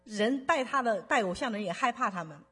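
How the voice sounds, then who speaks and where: A woman interpreting a sermon live, quick and halting with restarts. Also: a little high, lively intonation, sharp tone, husky.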